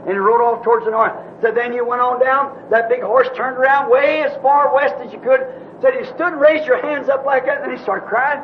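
A man's voice: extremely high pitch, steady tone, a little fast. A male preacher telling a long story in a sermon, in a folksy, rambling way, repeating "said" again and again. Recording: dull old tape recording with faint hiss.

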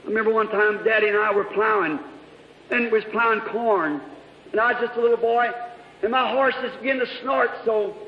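A very high-voiced man preaches with fervent storytelling that swells into shouts. He is caught on a dull old recording, with an echoey hall and long reverb around him. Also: steady tone, moderate pace. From Indiana, USA. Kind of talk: sermon.

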